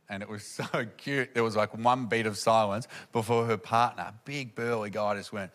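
A man delivers rambling, self-deprecating stand-up storytelling full of fillers, with audience laughter surrounding him. He speaks in a fairly low, steady, slightly bright voice at a moderate pace with hardly any pauses.

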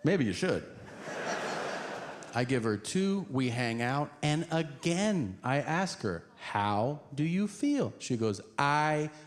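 A man telling a stand-up story, acting out characters in shrieking high voices and talking in profane, fast bursts. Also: very animated. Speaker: stand-up comedian.

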